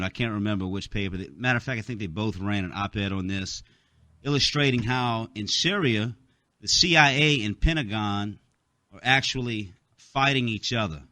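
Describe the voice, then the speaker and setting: Male talk radio host, low pitch, bright forceful tone; rambling monologue full of fillers; bothered by hiccups; dry close mic. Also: no room sound. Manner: rambling, many "you know" fillers.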